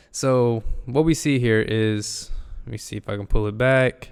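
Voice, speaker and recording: A man's voice: mid-range voice, steady tone, measured pace, gravelly, a little mellow, smooth, big-room sound. A young man, an enthusiastic football analyst, talking loosely through game film and repeating himself as he goes. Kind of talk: casual film breakdown.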